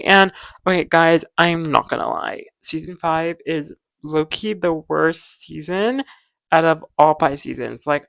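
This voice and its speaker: A woman's voice: fairly low pitch, a bit bright, no echo, low-quality recording. Young female vlogger, dramatic and chatty, many fillers, dead-dry home recording. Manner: gushing, dramatic, full of "like" fillers. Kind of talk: casual chatty pop-culture vlog. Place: home room with ring light. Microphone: close camera mic.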